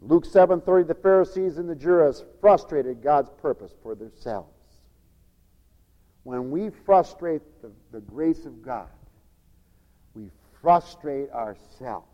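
A man preaching a radio sermon, animated, acting out the whining voices of children as he goes. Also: on the high side, unhurried, long reverb tail, highs cut off.

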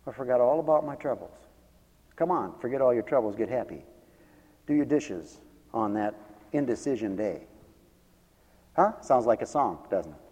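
A man preaching a sermon as pastor, swinging between quiet asides and loud emphatic calls. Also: mid-range voice, lively intonation, moderate pace, pauses often, slightly rough. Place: church. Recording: muffled church recording with long reverb. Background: radio ministry broadcast of a church service.

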